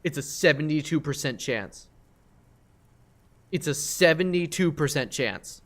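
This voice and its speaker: A young man live-streaming a game, reasoning aloud through his choices, excitable and full of fillers. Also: a little high, measured pace.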